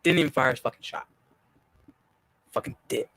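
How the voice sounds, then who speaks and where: A man hosting a gaming stream, telling a story in casual chat, profane and animated. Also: medium pitch, moderate pace, slightly rough, dry recording.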